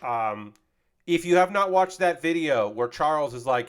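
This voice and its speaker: A man's voice: on the high side, lively intonation, a little slow, smooth. Profane rambling man chatting on stream. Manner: rambling, profane, reads chat aloud. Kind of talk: casual live-stream chat while building LEGO.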